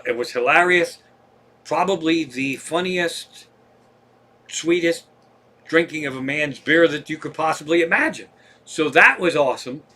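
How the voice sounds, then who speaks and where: A middle-aged comedian with a Pennsylvania accent spins a long story on a live stream, cursing freely and getting worked up. His voice sits a little high and rings bright and forceful. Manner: profane, animated storytelling.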